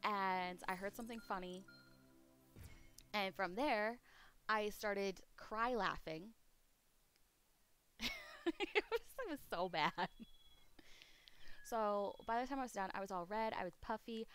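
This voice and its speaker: A woman's voice: mid-range voice, unhurried, pauses often, fairly bright tone, faint music behind. A woman streamer chatting casually while gaming, rambling and candid, laughing often and swearing offhandedly.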